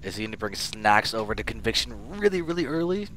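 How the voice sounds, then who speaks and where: A young man casting a live strategy game match as stream host, excitable and prone to loud bursts at big plays. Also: lowish voice, quick pace, soft background music. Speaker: esports caster and stream host. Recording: faint background noise.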